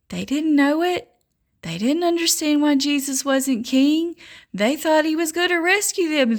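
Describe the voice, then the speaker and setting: A woman's voice: very high voice, fairly bright tone. A woman, a self-described prophetess, giving a fervent religious monologue, scolding and mocking her listeners and laughing mid-sentence.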